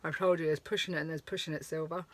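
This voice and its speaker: A woman's voice: low voice, steady tone, fast talker. A woman, vlogging in a frank, rambling way, swearing freely and laughing often. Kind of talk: candid chatty vlog. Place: touring stop at a countryside campsite.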